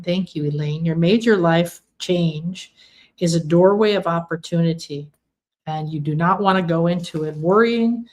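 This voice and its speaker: A woman with a somewhat low voice hosts a live stream of spiritual readings. She talks to her viewers in an earnest, emphatic way and repeats words to stress them. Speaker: intuitive reader hosting a live stream.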